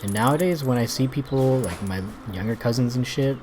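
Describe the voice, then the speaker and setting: A man's voice: medium pitch, fairly quick, darkish tone, slight background noise. Profane, rambling man in his thirties. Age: 30s. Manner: rambling and profane, laughing through stories. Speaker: gaming video host. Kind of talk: casual storytelling over gameplay.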